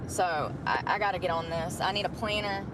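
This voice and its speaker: A woman livestreaming from her car, venting bluntly and swearing in a rambling way. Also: fairly low pitch. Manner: blunt, profane, fast venting. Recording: noisy car livestream on a phone. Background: car and road noise.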